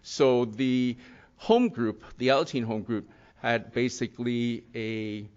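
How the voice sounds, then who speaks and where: Middle-aged man, earnest rambling testimony, mid pitch, slightly muffled recording. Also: takes it slowly, a little mellow, smooth. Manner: earnest, rambling with many "you know" and "and yet". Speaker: speaker sharing his recovery story. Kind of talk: personal testimony talk. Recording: slightly dull lo-fi sound.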